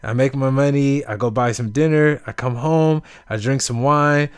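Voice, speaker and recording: A man's voice: medium pitch, fairly even intonation, normal speed, clear, resonant tone, no room sound, clean studio sound, close to an everyday voice. A man doing a content easygoing fisherman.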